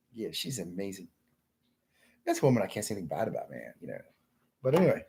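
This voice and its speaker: A man's voice: lowish voice, fairly bright tone, breathy edge. A man telling a rambling, profane story to his livestream viewers, ending his sentences with "man" and insisting it all really happened. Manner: insists his stories are true. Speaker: livestream host.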